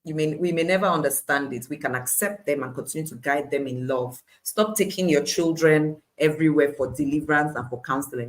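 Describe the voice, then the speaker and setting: A woman giving a devotional Bible teaching on a live stream, emphatic and repetitive, with frequent laughs and lively asides. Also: sits low, fairly quick, few pauses.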